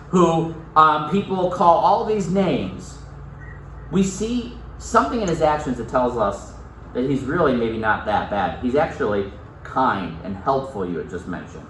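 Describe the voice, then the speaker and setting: A male teacher reading a novel aloud to his class, animated, repeating key points and putting questions to the students. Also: fairly high pitch. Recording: echoey classroom, mic far off, faint noise.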